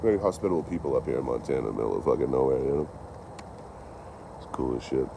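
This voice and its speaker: A young man with a very low voice tells loose, swear-filled road stories in a casual live-stream ramble. He is recorded outdoors on a phone, and clear background noise runs under his voice. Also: expressive, fast. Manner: rambling, profane storytelling. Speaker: train-hopping traveler vlogger.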